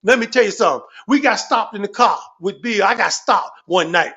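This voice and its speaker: A man with an unusually high-pitched voice holds forth on a livestream, spinning comic stories and rants. His delivery is animated and repetitive, and he swears freely in nearly every sentence. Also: a little fast, husky, muffled recording. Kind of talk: profane storytelling rant.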